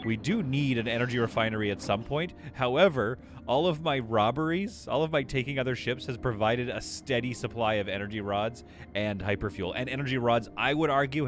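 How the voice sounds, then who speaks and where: A man streaming a game live, rambling and joking as he thinks aloud while building. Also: mid-range voice. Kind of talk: casual live gameplay commentary.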